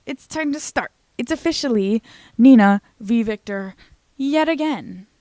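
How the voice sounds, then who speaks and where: A young woman casually recapping a TV series in a chatty, animated way, swearing now and then. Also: a little high, a little slow, no room sound. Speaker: recap vlogger.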